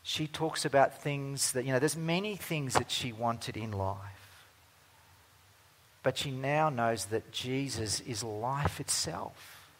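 A man preaching a sermon as pastor, earnest, moving between emphatic stretches and hushed ones. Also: mid-range voice, takes it slowly.

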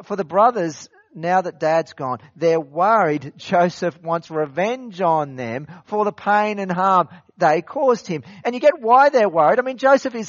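A man's voice: high-pitched, dry recording, dull audio. A man preaching an expository sermon in a conversational way, repeating phrases and asking rhetorical questions. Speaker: pastor.

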